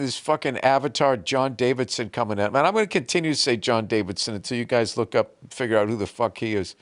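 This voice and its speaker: A man's voice: mid-range voice, dry recording, clean studio sound. A man hosting a podcast, ranting sarcastically with lots of swearing. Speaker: podcast host. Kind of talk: comedic rant.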